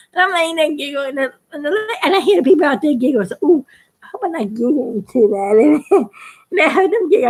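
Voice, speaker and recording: A woman's voice: high voice, a little mellow. A woman chatting casually to her viewers, telling a story and laughing often. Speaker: YouTube cartoon maker.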